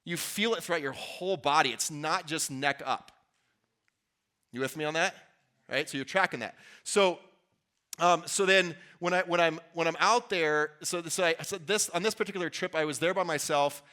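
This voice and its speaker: Male workshop speaker, earnest and chatty with the room, bright, a touch high. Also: normal speed. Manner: earnest, conversational, restarts and asides to the audience. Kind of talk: motivational talk to a live audience. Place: event venue before an audience.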